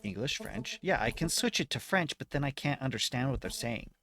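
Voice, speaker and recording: A man's voice: medium pitch, lively intonation, brisk, gravelly, a bit bright, a little hiss or hum. A man streaming a video game, reading its text aloud and chatting casually about what he reads while he works through puzzles. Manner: reads on-screen text aloud, then chats back. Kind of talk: casual let's-play commentary.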